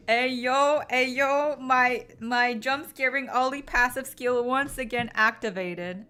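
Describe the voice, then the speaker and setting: A woman's voice: high-pitched, takes it slowly, bright, forceful tone, clean tone. A young woman chatting casually and playfully with her stream viewers, full of slang and laughter.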